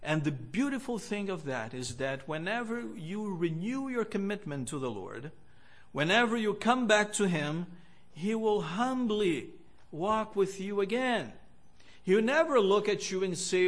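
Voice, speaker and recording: A man with a notably high voice delivers a sermon at an unhurried pace. He speaks earnestly, measuring out each phrase and pausing often. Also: lively intonation. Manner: earnest, measured preaching with pauses. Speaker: preacher.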